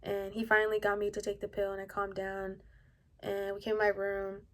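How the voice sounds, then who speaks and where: A woman telling a personal story in a casual vlog, soft-spoken and rambling, with lots of "like" and a hushed delivery. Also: mid-range voice, monotone, a little fast. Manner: often drops to a hushed, quiet delivery. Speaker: vlogger telling her own story.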